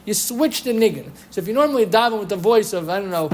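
A man giving a lively lecture on Jewish law, quoting rabbinic sources and chanting Hebrew phrases. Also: high-pitched, fast, soft background music. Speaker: Torah teacher. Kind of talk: halachic lecture.

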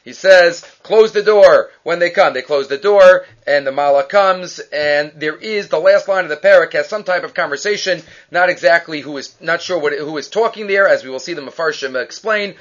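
High-voiced man teaching a Bible story. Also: fairly bright tone, lo-fi sound. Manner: acts out characters' lines in quick voices, peppers English with Hebrew terms. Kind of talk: lively storytelling lesson.

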